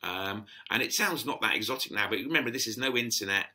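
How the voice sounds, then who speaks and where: A man's voice: on the low side, animated, quick pace, pushed and bright. A middle-aged man telling stories in a chatty, rambling way, full of restarts, as a podcast guest. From England. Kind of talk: casual storytelling.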